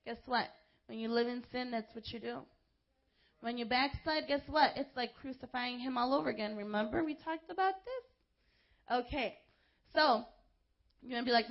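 A woman delivers a sermon in a high voice. She is impassioned and direct, talking straight to her congregation with informal asides. The recording is somewhat dull and lo-fi. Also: moderate pace, gravelly, pauses often. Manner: impassioned, rising to shouts when quoting crowds. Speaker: preacher.

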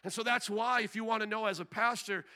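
Male pastor mid-sermon, high and very bright, drives points with repeated questions. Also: steady tone, fast. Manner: preaching with rising intensity, repetitive rhetorical questions.

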